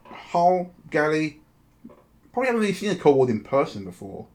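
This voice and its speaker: A man's voice: on the high side, sing-song, fairly quick, a little mellow. A man narrating a tabletop game as game master, describing scenes at length with many restarts. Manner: descriptive, full of fillers and restarts.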